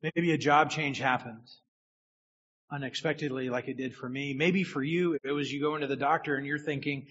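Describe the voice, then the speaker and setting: A man's voice: mid-range voice, steady tone, normal speed, pauses often, a bit bright, husky, dull audio. A man who is a minister, giving a sermon as a personal story and speaking directly to the people in the room.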